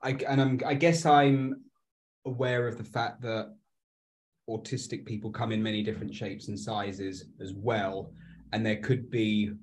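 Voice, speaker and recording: A man interviewing a guest, speaking softly and phrasing his thoughts tentatively. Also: lowish voice, steady tone, measured pace. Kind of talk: conversational interview.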